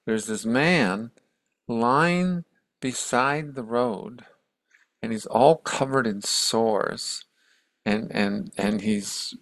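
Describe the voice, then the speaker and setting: Man, casual storyteller, conversational with restarts, gravelly voice, mid pitch. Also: a bit bright, no echo. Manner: conversational, many restarts, acts out quotes. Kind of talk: casual spoken retelling of a story.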